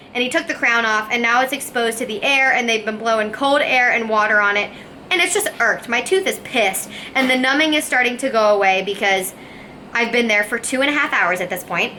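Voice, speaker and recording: A woman's voice: fairly high pitch, fairly quick, a little hiss or hum. A young woman vlogger telling a story to camera in a casual, emphatic way, often acting out what she thought and said. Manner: emphatic, animated retelling with quoted asides. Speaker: fitness vlogger.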